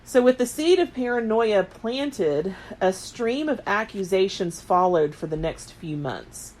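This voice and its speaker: A woman's voice: medium pitch, animated, a little slow, a little mellow. A woman in her late thirties, co-hosting a podcast and retelling history in casual chat, rambling and full of filler words. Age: late 30s. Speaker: podcast co-host.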